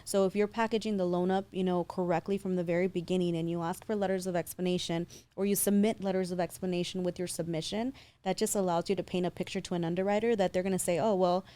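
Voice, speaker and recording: A woman in her thirties talks through her work as an interview guest, confident and fluent. Her voice sits low and mellow, with a warm, soft edge. She explains step by step and rarely stumbles. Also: fairly even intonation, fast talker, few pauses. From San Diego. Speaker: guest, loan officer. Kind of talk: casual interview.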